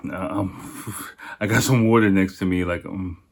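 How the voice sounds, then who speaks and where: Male podcaster, very deep voice, loose and swearing, rambling food-tasting chat. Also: steady tone, measured pace, gravelly. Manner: profane, rambling, chatty. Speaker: podcast host.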